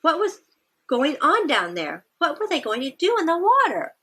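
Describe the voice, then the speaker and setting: A woman reads picture books aloud to young children in an animated, encouraging way and keeps asking them to join in. Her voice is bright and a little high, and it swings widely in pitch. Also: normal speed. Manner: animated and encouraging, asks the listeners questions. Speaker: children's storytime presenter.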